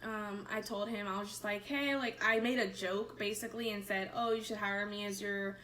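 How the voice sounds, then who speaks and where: A woman recounts a painful experience of her own in a candid, halting, emotional way. Her voice is bright and sharp. She sounds a little distant from the mic, with faint background noise. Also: medium pitch, fairly even intonation. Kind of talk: personal testimony to camera.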